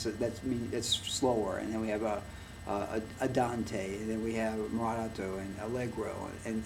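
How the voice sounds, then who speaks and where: Rambling male music teacher, far from mic. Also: medium pitch. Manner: rambling, full of fillers and restarts, claps and plays piano to demonstrate. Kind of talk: casual recorded lecture. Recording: noisy room, mic far from the speaker.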